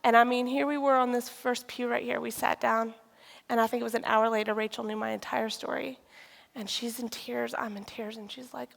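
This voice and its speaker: Woman with a fairly high, gravelly voice telling her testimony, acting out dialogue, recorded in a reverberant church. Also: a little fast. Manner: lively storytelling, acting out conversations. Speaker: speaker sharing a personal testimony. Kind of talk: personal testimony talk. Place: church sanctuary. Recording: reverberant hall.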